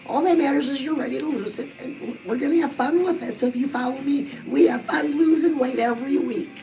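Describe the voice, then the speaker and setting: Warm and fairly quick, a high-pitched woman delivers energetic fitness and weight-loss coaching straight to her viewers in a cheerful vlog. Soft music plays in the background, and the recording is rough.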